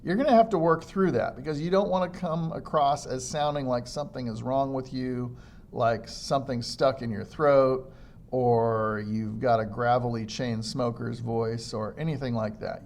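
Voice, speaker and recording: A man's voice: fairly even intonation, unhurried, darkish tone. A man teaching a lesson on public speaking, demonstrating good and bad delivery as he explains. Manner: demonstrates faults by mimicking them, varied pitch and pace. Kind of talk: instructional lecture on public speaking.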